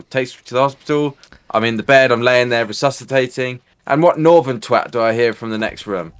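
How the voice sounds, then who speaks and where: A British man chatting easily on a podcast, drifting through long anecdotes and slipping into quoted voices with a laugh. His voice is at an ordinary middle pitch. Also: a little fast, clear, resonant tone. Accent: British English. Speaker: podcast co-host. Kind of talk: casual chat.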